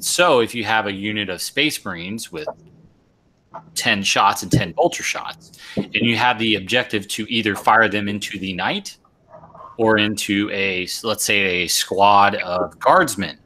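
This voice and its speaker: A man hosts a relaxed live show about tabletop wargames. His voice sits a little low and sounds bright and pushy. He explains things step by step, often restarting and repeating words. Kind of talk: casual chat and tactics explanation.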